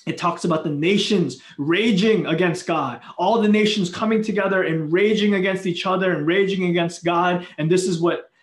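A man preaching a sermon, earnest and animated, with playful acted asides. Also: high voice, normal speed, few pauses, roomy sound. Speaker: pastor.

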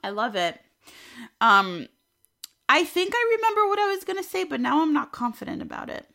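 A woman's voice: high-pitched, very animated, moderate pace, vocal fry, sharp tone. A woman author guesting on a casual chat, rambling and self-deprecating, loses her train of thought.

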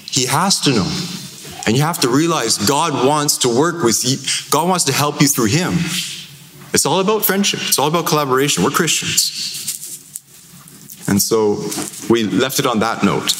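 Priest preaching in an echoey church. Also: male voice. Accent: Canadian. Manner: conversational storytelling with lively pitch swings. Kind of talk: sermon. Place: large church. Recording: echoey church hall, faint noise.

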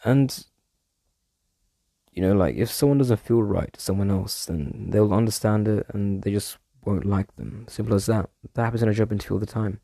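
Man, casual monologue, mellow gravelly delivery, digressive and loose, dry sound. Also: lowish voice, moderate pace, no echo. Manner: rambling, digressive, casually swearing.

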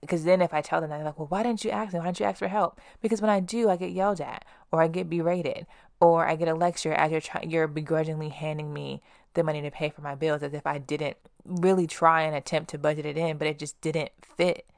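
A woman's voice: sits low, level tone, a little fast, vocal fry, darkish tone, no room sound, studio quality. A young woman hosting a podcast, telling candid personal stories in a blunt, casual way and swearing freely. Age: young adult. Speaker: podcast host.

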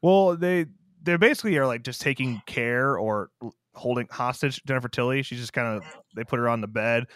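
A man's voice: mid-range voice, fairly quick, fairly bright tone, clean tone, no room sound, clean studio sound. A man co-hosting a casual film review podcast, talking loosely and swearing freely. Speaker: podcast co-host.

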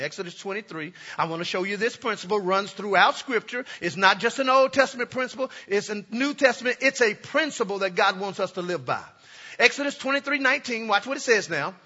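A male pastor preaching to his congregation, calling for responses and climbing into shouts. His voice sits very high and lively, with a bright, sharp edge. The recording is muffled and lo-fi, with a husky grain in his tone. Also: brisk, in a large hall. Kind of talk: sermon. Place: church sanctuary.

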